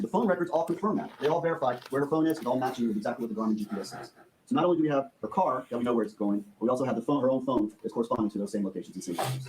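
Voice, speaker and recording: Fast-talking man giving a courtroom opening statement. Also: mid-range voice, a little mellow, slight background noise, rough recording. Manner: briskly acts out quoted dialogue. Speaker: prosecutor.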